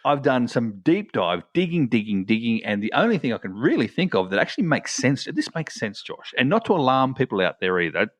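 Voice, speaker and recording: A man's voice: mid-range voice, very animated, brisk, few pauses, dry recording. A man co-hosting a podcast in casual chat, telling long rambling stories full of restarts. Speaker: podcast co-host.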